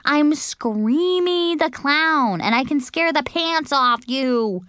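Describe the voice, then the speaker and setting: A loud, bossy little girl of about six screeches and hollers with a wildly swinging, high voice, as a woman puts her on. Her brash storybook voice is bright and crisp. It is recorded close up and dry. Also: big pitch swings, moderate pace, no room sound. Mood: shrieking. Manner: loud, shrieking, exaggerated. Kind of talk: audiobook character voice.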